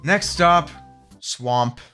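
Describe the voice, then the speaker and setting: Excitable young man, lively gaming commentary. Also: fairly high pitch, extremely slow, soft background music. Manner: excitable, swears often, sarcastic asides. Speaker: gaming video creator. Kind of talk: game commentary with scripted narration.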